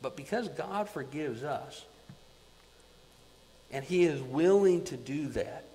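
A man preaching a sermon as pastor, swinging between loud emphasis and quiet, repeating words for weight. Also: on the high side, lively intonation, slow pace, big-room sound, slight background noise, poor audio.

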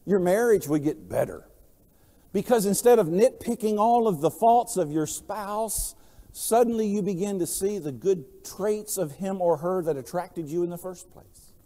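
A man preaching a sermon, telling stories and swinging between quiet, low passages and loud, emphatic lines. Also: lively intonation, normal speed, long reverb tail. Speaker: pastor.

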